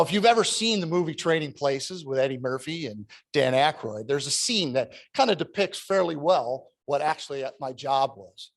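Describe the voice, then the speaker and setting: Man, 30s, toastmaster, storytelling speech with rhetorical questions, slightly high voice. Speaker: toastmaster of the meeting. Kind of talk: prepared speech.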